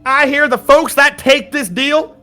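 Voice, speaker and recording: A man's voice: extremely high pitch, steady tone, a little slow, sharp tone, soft background music, exaggerated voice. A man doing a tipsy, chatty skeleton guide. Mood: folksy. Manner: folksy drawl with chuckles, rambling. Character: jovial, tipsy undead skeleton guide, male. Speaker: game master.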